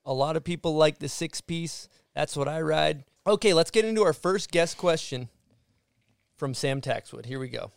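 A man hosting a casual snowboarding podcast, talking in a relaxed, conversational way and reading sponsor spots. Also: a little high, moderate pace, gravelly, smooth, no echo. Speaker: podcast host.

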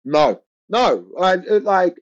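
A man's voice: high-pitched, slow, gravelly. Rambling young man telling a comedy story. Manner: rambling, animated storytelling with lots of fillers and restarts. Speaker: comedian guest. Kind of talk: casual anecdote on a podcast. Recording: dull lo-fi audio.

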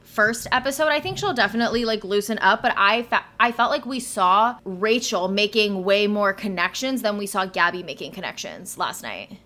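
A woman's voice: medium pitch, expressive, bright, forceful tone. A woman co-hosting a podcast, chatting casually and laughing through a show recap. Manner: chatty, quick asides, laughs often. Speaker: podcast co-host.

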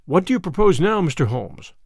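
A man plays an earnest, courteous young gentleman in a classic detective tale. His voice rises and falls with eager feeling. The recording is close and dry. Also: a little high, big pitch swings, fairly quick, gravelly, husky, no echo, exaggerated voice.

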